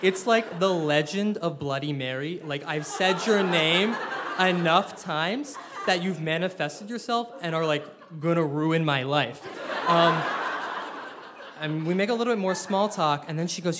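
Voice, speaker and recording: A man's voice: on the high side, measured pace, background noise. Wry young man telling a story live. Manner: self-deprecating, wry, animated. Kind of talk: live personal storytelling to an audience.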